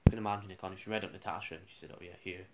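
A man's voice: low-pitched, steady tone, very fast, a little hiss or hum. Rambling man telling stories. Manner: rambling storyteller with frequent restarts and chuckles. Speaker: radio presenter. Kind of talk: casual anecdotal chat.

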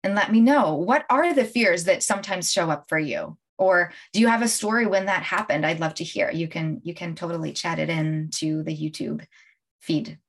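A middle-aged woman coach talking casually on a livestream, animated and often laughing as she tells stories to viewers. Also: on the low side, moderate pace. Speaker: life coach hosting a livestream. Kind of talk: casual live-stream talk to viewers.

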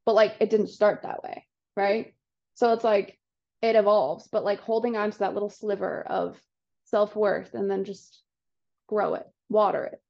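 A woman's voice: medium pitch, fairly even intonation, moderate pace, vocal fry, a little mellow. A woman hosting a casual podcast chat, emphatic and encouraging, rambling through her points. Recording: slightly dull lo-fi audio.

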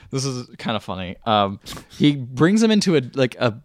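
Man, podcast co-host, casual movie recap, dry close sound, mid pitch. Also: big pitch swings, moderate pace, no echo. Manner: retells scenes, quoting characters in mumbled asides.

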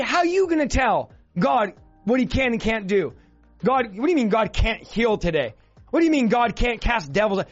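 A male preacher delivering a fervent sermon, often shouting. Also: sits high. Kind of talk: fiery sermon. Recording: dull lo-fi sound with faint music.

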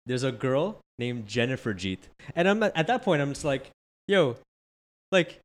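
A man's voice: medium pitch, very animated, a little fast. A man co-hosting a casual chat; he talks loosely with slang, opens lines with "yo," and laughs often. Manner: laughs often, chimes in with short asides.

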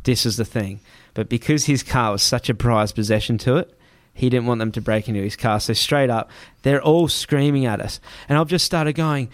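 A man's voice: mid-range voice, moderate pace, few pauses, dry recording. Swearing man telling a tense story. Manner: heavy swearing, vivid re-telling with restarts. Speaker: guest. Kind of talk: casual spoken storytelling. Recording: dry close sound.

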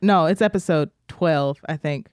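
A woman's voice: deep voice, measured pace, a little mellow, dry recording, studio quality. A woman co-hosting a podcast, recapping a TV episode in casual chat with crude, profane jokes. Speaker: podcast co-host.

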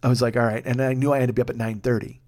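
Fast-talking profane male podcast host. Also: medium pitch, level tone, a little mellow. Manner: profane, self-deprecating, rambling. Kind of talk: casual storytelling monologue. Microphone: studio microphone.

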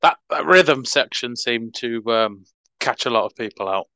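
A man co-hosting a casual chat, retelling moments in an excitable, animated way. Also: mid-range voice, moderate pace, creaky, no echo. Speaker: co-host.

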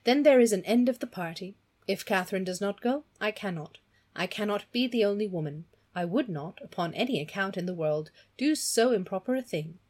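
A cold, resentful young lady from a storybook, as a woman reader puts her on. She speaks low and clipped, with a cool, manipulative edge. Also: lively intonation, fairly quick, a little mellow, natural voice.

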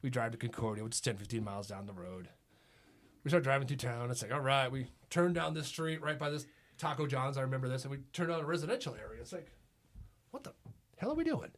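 Speaking fast in a mid-range voice, a middle-aged podcast guest shares casual stories and chat. Laughter comes often, and so does free-flowing swearing.

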